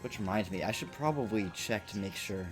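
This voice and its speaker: A man's voice: fairly low pitch, a little fast. A man streaming a game, chatting in a rambling, self-deprecating, joking way. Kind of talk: let's play commentary. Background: game music.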